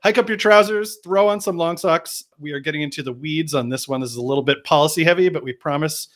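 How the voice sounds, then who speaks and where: A man's voice: fairly high pitch, quick pace, fairly bright tone. A man hosting a podcast, chatting casually in a jokey, rambling way with restarts. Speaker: podcast host.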